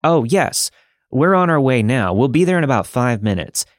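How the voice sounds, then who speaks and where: A man putting on an eager young man who talks a little higher and louder than the storyteller around him. The voice stays dry and close. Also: very animated, normal speed, dry recording, lightly acted.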